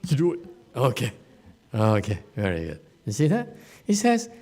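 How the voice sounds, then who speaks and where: A man's voice: fairly low pitch, big pitch swings, normal speed, a little mellow. A man teaching a dharma lecture to students at a meditation center, plain-spoken and teasing, with many fillers and restarts. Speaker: Buddhist teacher.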